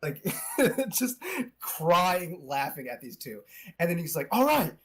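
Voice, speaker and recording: A man's voice: a little high, very animated, slow, husky. A young man co-hosting a podcast, telling a rambling, profane school story in casual chat and laughing along with it. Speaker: podcast co-host.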